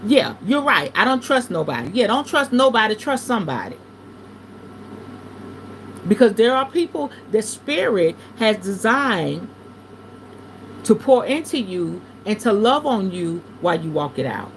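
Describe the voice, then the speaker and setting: Animated, salty woman reading tarot live. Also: medium pitch, measured pace, pauses often, slight background noise. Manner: animated and preachy, swinging between hushed and loud; salty, uses curse words. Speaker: tarot reader hosting a livestream. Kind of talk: casual spiritual chat with tarot reading.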